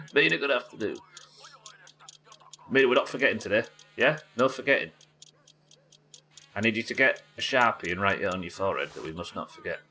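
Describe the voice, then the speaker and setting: Man, live game stream, chatty, rambling, lowish, forceful. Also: lively intonation, a little fast, long pauses. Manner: chatty, rambling, chats with viewers. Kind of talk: casual gaming commentary.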